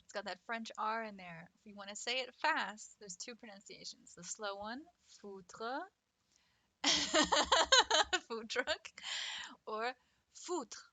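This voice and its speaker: A woman's voice: on the high side, lively intonation, measured pace, pushed and bright, no echo. A young adult woman streamer chatting casually with viewers, playful and teasing, laughing often. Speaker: art streamer. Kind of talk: casual livestream chat.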